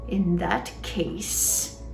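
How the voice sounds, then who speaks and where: A woman's voice: fairly low pitch, steady tone, extremely slow, vocal fry, darkish tone, echoey room, faint music behind, voice pushed down, full character voice. A woman voicing a menacing, scheming male villain count, threatening and roaring.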